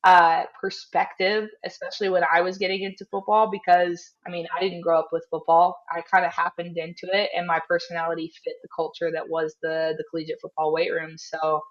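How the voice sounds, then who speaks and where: A woman's voice: on the low side, little pitch movement, a little fast, hardly any pauses, dull audio. A young woman from Canada, a strength coach, chatting in an upbeat, casual way. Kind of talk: casual interview chat.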